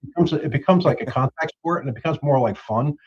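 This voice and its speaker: A man with a husky, somewhat breathy voice tells a long personal anecdote in casual conversation on a web show. He turns lively when he quotes other people. His audio sounds dull and lo-fi, like a video call. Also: a little high, quick pace. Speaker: show participant.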